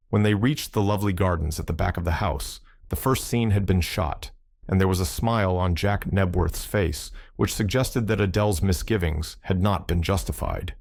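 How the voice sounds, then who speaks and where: Male audiobook narrator, low voice, dry close sound. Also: moderate pace, creaky, darkish tone, no room sound.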